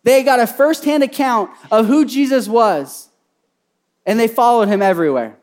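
A man with a strikingly high voice preaches to his congregation in a bubbly, excitable way. He keeps checking in with the room with "right?" and chains his thoughts together with "like". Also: moderate pace. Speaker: pastor. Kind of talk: energetic sermon to a church congregation.

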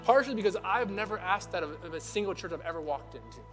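High-voiced young man preaching casually. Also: fast, faint music behind. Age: young adult. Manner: chatty, animated, acts out quoted voices. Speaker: pastor. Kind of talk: casual conversational sermon.

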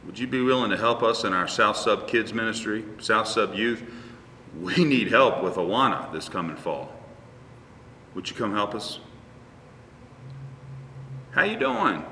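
A man's voice: on the low side, moderate pace, bright, forceful tone, long reverb tail, distant mic, slight background noise. A male pastor preaching a conversational sermon, acting out little dialogues with his congregation. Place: church sanctuary.

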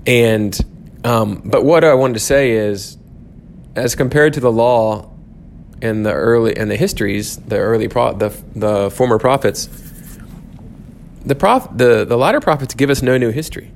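A man's voice: mid-range voice, moderate pace, vocal fry, a little hiss or hum. A man teaching a church class, thinking aloud with frequent restarts and fillers.

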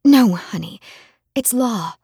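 Woman voicing a gentle sorrowful queen mother. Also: a little high, animated, slow, creaky, slightly rough, no echo, studio quality, full character voice. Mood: soothing. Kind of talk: audiobook reading.

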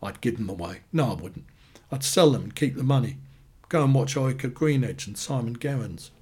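A man reading short stories aloud in a dry, deadpan way. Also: medium pitch, fairly quick, husky. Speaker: narrator.

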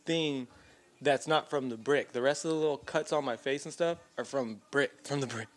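A man's voice: mid-range voice, moderate pace. A young man co-hosting a podcast, telling rambling stories in casual chat, with lots of fillers and swearing. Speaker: podcast co-host.

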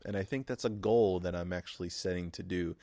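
A young man talks loosely through a casual solo podcast and swears easily. His voice is on the low side, and the recording is dry, with no room sound. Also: fairly even intonation, brisk, vocal fry, dark tone, no echo. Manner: rambling and profane, with frequent restarts. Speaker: podcast host.

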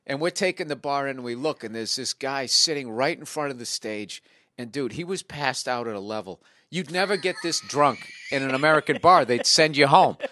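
A man who is a guest comedian, telling a profane anecdote in a casual, animated podcast chat. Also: medium pitch, normal speed, no echo.

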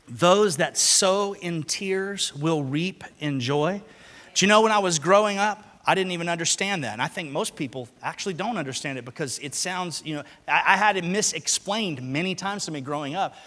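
A pastor delivers a sermon to his congregation, shifting from quiet teaching to loud, shouted passages and having the room repeat lines after him. His voice sits high, and a long hall reverb hangs on the recording.

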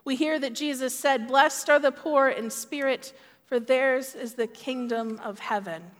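A woman preaching a sermon in a measured, earnest way. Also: high voice, big-room sound.

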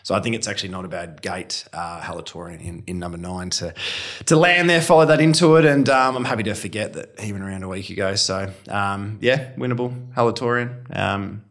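A man's voice: lowish voice, a little fast, a bit bright. A man, co-hosting a racing podcast in casual chat, trailing off and restarting mid-thought.

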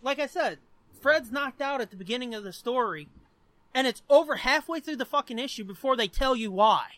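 A man's voice: very high-pitched, expressive, brisk, bright, forceful tone, dry recording. A man co-hosting a podcast who rants about a comic book in emphatic, profane casual chat. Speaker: podcast co-host.

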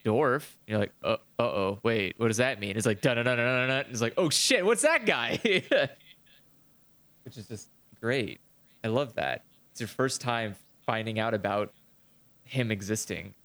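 A man's voice: lowish voice, normal speed. A man in casual conversation about video games, swearing freely and acting out characters' lines. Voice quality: animated, profane, acts out characters in quotes.

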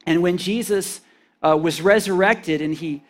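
High-voiced earnest man preaching. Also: unhurried. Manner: earnest, conversational, with restarts and paraphrased quotes. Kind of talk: informal sermon.

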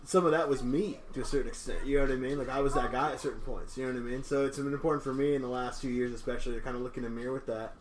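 A man, co-hosting a podcast in casual chat, talking quickly with lots of fillers and "you know what I mean". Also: mid-range voice, fairly even intonation, a little hiss or hum. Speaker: podcast co-host.

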